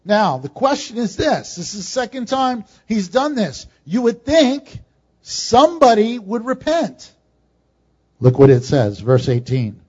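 A man preaching a sermon, swinging from emphatic, rising peaks to quiet, joking asides. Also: high voice, very animated, a little slow, slightly rough. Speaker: pastor. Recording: dull lo-fi sound.

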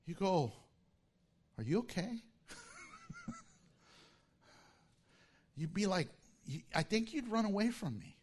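A male pastor preaching a sermon, animated and acting out the disciples' voices as he tells the story. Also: high voice, measured pace, long pauses.

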